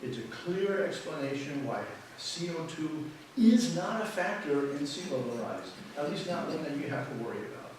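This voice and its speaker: A man's voice: a little high, lively intonation, moderate pace, a little hiss or hum. A man giving a public talk with slides as guest speaker, rambling and repeating words as he restarts his sentences. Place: lecture room with audience. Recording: echoey hall, mic far off.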